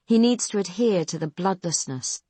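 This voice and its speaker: A woman narrating an audiobook in a steady, even storytelling manner. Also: fairly low pitch, moderate pace, husky, no echo.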